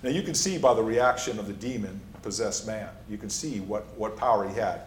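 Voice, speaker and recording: A man's voice: fairly low pitch, brisk, a little hiss or hum. A male pastor preaching a sermon, stressing and repeating his key points as he teaches. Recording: echoey room.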